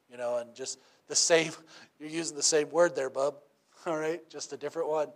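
A man's voice: fairly high pitch, steady tone, normal speed. A man preaching a sermon in a conversational way, often asking "right?" and acting out little quotes.

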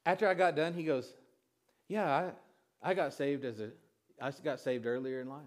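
A man preaching a sermon, telling a personal story in a halting way with many restarts. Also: on the high side, steady tone. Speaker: pastor.

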